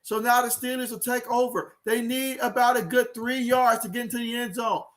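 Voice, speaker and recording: A man runs a sports livestream, giving excitable play-by-play of a football game while talking to viewers and reading their chat comments aloud. His voice is extremely high-pitched, and he speaks at a normal speed.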